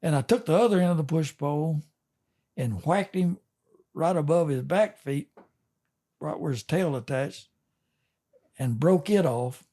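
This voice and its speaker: An older man tells a long fishing yarn in a relaxed, folksy way, chuckling between the details. His voice sits a little higher than most men's. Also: unhurried, pauses often. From Texas. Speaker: fishing captain and guest. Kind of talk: casual storytelling.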